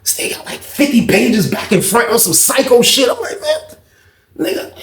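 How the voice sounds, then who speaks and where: A very high-pitched man speaking at normal speed in a roomy-sounding space tells a storytime tale. As a storytelling channel host, he is animated, leans on slang and swearing, and performs everyone's dialogue with changing voices.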